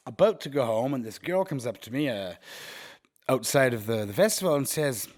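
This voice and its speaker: Animated young man telling a story. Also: mid-range voice, normal speed. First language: Swiss. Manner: animated storyteller, acts out quoted voices. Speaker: podcast co-host. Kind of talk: casual chat.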